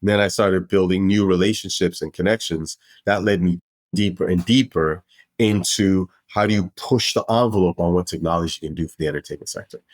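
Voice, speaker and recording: Animated middle-aged man telling his story. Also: low voice, fairly quick, dry recording. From Brooklyn, New York. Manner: animated, expansive, frequent restarts. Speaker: podcast guest. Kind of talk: casual storytelling interview.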